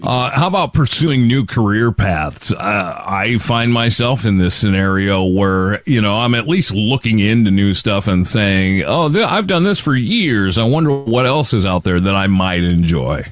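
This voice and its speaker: A man's voice: fairly low pitch, expressive, unhurried, hardly any pauses, dry recording. A man in his late forties co-hosting a podcast, telling stories with laughs and the odd curse. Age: 40s. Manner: storytelling, swears, laughs often. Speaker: podcast co-host. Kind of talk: casual chat.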